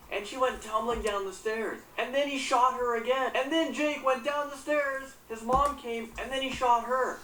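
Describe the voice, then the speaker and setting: A woman's voice: on the high side, fairly bright tone, distant mic. A woman recounting a news story and reacting with indignation and frequent swearing. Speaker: commentator. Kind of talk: reaction commentary. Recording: roomy echo, off-mic, faint hum.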